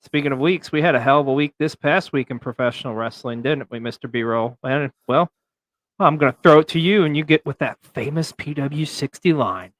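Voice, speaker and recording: A man's voice: mid-range voice, brisk, dry recording. A man hosting a wrestling recap show, delivering in a theatrical, announcer-like way. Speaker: host.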